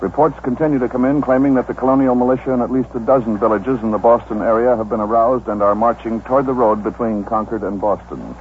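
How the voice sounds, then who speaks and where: An actor playing a studio news anchor in a 1950s radio drama, with a measured, formal announcer delivery. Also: male voice, mid-range voice, fairly even intonation, close to an everyday voice. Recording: tinny old radio broadcast, faint hiss.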